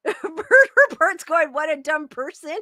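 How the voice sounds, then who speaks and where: Woman streamer reading chat, defensive and giggly; high bright voice, dry close sound. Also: slow, no echo. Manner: defensive, laughs often, restarts sentences. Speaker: livestream host reading chat. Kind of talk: casual livestream chat.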